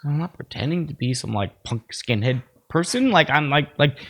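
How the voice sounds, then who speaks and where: A man's voice: a little high, lively intonation, moderate pace, fairly bright tone. A young man from Staten Island with a New York accent, co-hosting a podcast. He rambles and swears in casual chat, ranting and mimicking others mockingly. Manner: rambling, profane, rants with mocking impressions. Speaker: podcast co-host.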